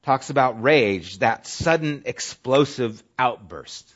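A male pastor preaching a sermon in a casual, conversational way, sometimes dropping to a soft, low voice for emphasis. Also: animated, slow pace. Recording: dull lo-fi audio.

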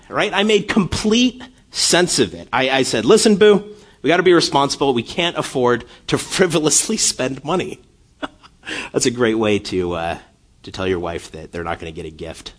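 Husky pastor, storytelling with lively swings. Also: male voice, medium pitch. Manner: self-deprecating storytelling, laughing often, rising to impassioned intensity. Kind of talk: sermon.

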